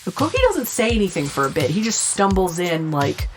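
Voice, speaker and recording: A woman on a podcast tells a film's story in a lively, swinging voice, jumping into the characters' lines as she goes and swearing without a second thought. Faint music plays behind her. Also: on the low side, fairly quick. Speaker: podcast co-host. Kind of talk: casual chat, film recap.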